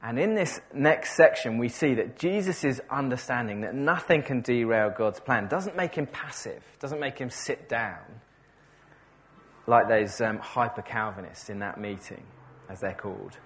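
Preaching a sermon conversationally, a man often repeats words and corrects himself, clearly enthusiastic about the passage. He speaks unhurriedly at a medium pitch.

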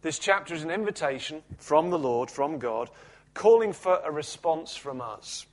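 A male pastor reading scripture aloud and then preaching an expository sermon in a measured, earnest way. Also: fairly high pitch, animated.

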